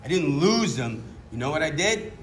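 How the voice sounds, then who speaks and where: Middle-aged new guy telling his recovery story, lively and self-mocking, slightly high voice, bit of background hiss. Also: moderate pace. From New York. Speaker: recovery meeting speaker. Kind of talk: personal testimony talk.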